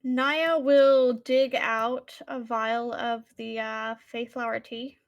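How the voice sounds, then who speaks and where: A woman's voice: on the high side, level tone, slow pace. A woman playing in a tabletop game who describes her character's actions with hesitant fillers. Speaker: player. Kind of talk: tabletop game play, casual.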